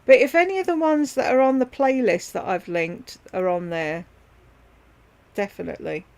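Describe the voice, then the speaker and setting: A woman rambles easily through a casual livestream from home, talking straight to her viewers by name. Her mid-pitched voice has a steady gravelly fry running under it. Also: moderate pace. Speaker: livestream host chatting with viewers.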